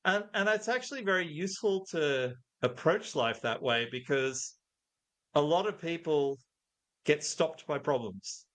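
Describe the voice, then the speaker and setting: A man's voice: on the high side, expressive, unhurried, fairly bright tone. A middle-aged man, a guest in an interview, talking thoughtfully and telling anecdotes. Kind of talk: conversational interview.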